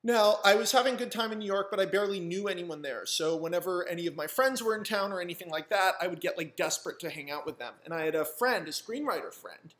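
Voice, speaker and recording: A young man, a screenwriter, telling a story in a rambling, animated and profane way. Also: sits high, fast talker, hardly any pauses. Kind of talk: casual storytelling monologue. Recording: roomy echo.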